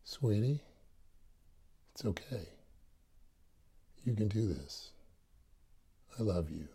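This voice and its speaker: A man voicing a loving, comforting inner voice, speaking softly and reassuringly. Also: fairly low pitch, expressive, takes it slowly, breathy edge, exaggerated voice. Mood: tender. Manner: soft, reassuring, hushed.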